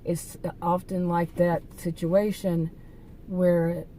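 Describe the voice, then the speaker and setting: A woman's voice: lowish voice, little pitch movement, slow, dark tone, slight background noise, rough recording. A woman hosting her own channel, telling a story in a casual, rambling monologue with many fillers and restarts, talking straight to her viewers. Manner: chatty, talks straight to viewers. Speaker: channel host telling stories.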